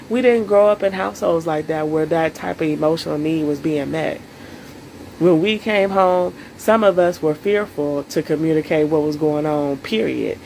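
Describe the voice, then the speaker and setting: A woman's voice: sits low, moderate pace, creaky, darkish tone, a little hiss or hum, rough recording. A woman coaching viewers on self-care in a solo live stream, earnest and emotional, speaking straight to her audience.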